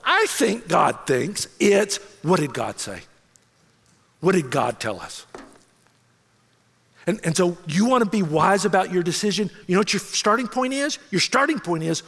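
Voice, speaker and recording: A middle-aged male pastor preaches with a high, wide-ranging voice and a gravelly edge. He tells stories in an animated, self-mocking way, and his words ring out with a long reverb through a church hall. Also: normal speed. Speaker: senior pastor. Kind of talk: sermon.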